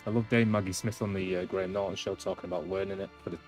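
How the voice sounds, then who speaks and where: A low-voiced man chats to his viewers while he streams a game. He rambles and pokes fun at himself, with faint music underneath. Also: fairly even intonation, racing, darkish tone. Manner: rambling, self-mocking. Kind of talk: casual live-stream chat.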